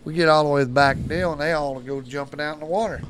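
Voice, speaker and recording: A middle-aged man with a drawl tells a rowdy story on a casual podcast. His voice sits a bit high and he swears freely. He leaps into loud, worked-up quotes, then drops back to a low mutter. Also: fast, a little hiss or hum. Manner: profane, animated, swings loud for quoted lines. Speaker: storyteller guest.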